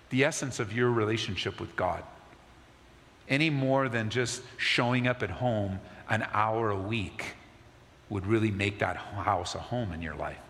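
A male pastor preaching a conversational sermon, dropping low and soft to stress key points. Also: big-room sound.

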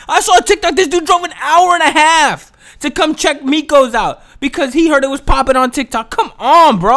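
A man's voice: extremely high pitch, expressive, fairly quick, fairly bright tone. A man ranting casually and profanely, exasperated and full of slang.

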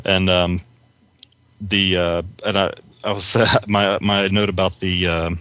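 A man co-hosting a podcast, chatting casually about movies in a halting way, repeating words and laughing often. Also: sits low, level tone, bright, forceful tone, no echo. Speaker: podcast co-host. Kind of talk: casual movie-review chat.

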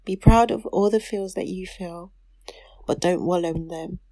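A podcast co-host reads a letter she wrote to her younger self during a casual chat, her heartfelt delivery turning tearful and then laughing. Her voice is fairly low and mellow at a moderate pace, recorded dry and close with no room sound.

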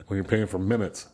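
A man telling lively anecdotes as a podcast guest, chuckling often. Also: low-pitched, slightly rough. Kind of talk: casual storytelling chat.

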